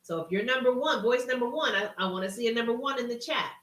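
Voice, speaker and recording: Woman live-stream host, higher voice, echoey room, a bit off-mic. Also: quick pace, fairly bright tone, recorded from a distance. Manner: reads out chat names, folksy and encouraging. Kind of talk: casual live-stream talk. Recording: roomy sound from off-mic.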